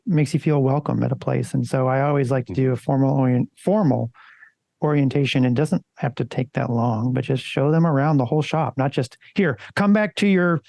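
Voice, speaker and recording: Gravelly man chatting on a podcast. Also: mid-range voice, warm tone, no room sound. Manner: conversational, loose and swearing. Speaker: podcast co-host. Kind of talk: casual podcast chat.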